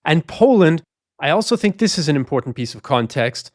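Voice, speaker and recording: In a slightly high, sing-song, darkish voice, a man co-hosting a history podcast explains background context at length in discussion. He talks a little fast, and the studio-quality recording has no room sound.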